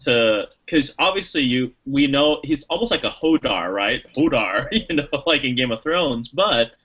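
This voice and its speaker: A man's voice: medium pitch, animated, moderate pace, a bit bright, slightly rough, muffled recording. A man chatting casually about a movie as a podcast co-host, rambling with lots of restarts and fillers and acting out lines he quotes. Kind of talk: casual movie review chat.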